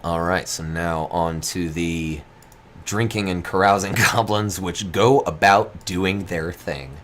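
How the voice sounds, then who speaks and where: A man narrating a tabletop game as game master, relaxed and chuckling, with many fillers. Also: deep voice, slow, slight background noise.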